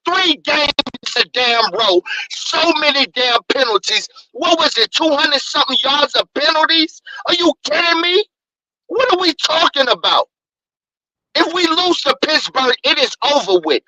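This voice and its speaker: A man's voice: very high-pitched, big pitch swings, unhurried, sharp tone, no echo, low-quality recording. A man calling in to a sports show, ranting angrily, stammering and repeating words. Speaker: caller. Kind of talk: heated sports call-in rant.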